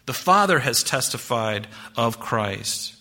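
Male pastor, bright forceful tone, sermon delivery, emphatic then hushed. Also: mid-range voice, animated, slow pace. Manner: expository preaching with scripture quotes; swings between emphatic rises and hushed drops.

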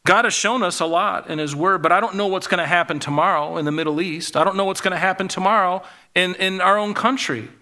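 Male pastor, conversational sermon delivery, bright and slightly high-pitched. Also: fast. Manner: conversational preaching with asides and restarts.

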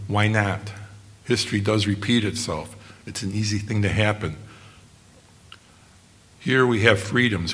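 Low-voiced, earnest male preacher. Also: fairly bright tone. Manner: earnest, measured, slows on quoted passages. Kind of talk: sermon.

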